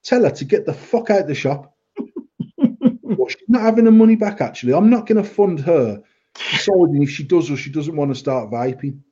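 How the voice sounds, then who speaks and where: A man hosts a casual podcast chat and swears freely. His voice is dark and husky, pitched a little high. The recording sounds dull and lo-fi. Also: animated, fairly quick. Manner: blunt, sweary, laughs often. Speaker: vape shop owner and podcast host.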